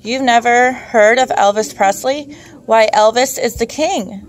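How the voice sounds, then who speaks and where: Gruff bossy old landlady, short-tempered and busy, read by a woman, all exclaiming and grumbling. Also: a little high, measured pace, pitched above the performer's own voice, close to an everyday voice. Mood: exasperated. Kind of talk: audiobook reading.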